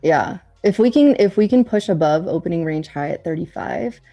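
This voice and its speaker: A woman's voice: on the low side, lively intonation, moderate pace, dark tone, faint music behind. A woman trader giving live commentary on her trades, calling price levels and targets and urging the market on. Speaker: trader on a live trading stream.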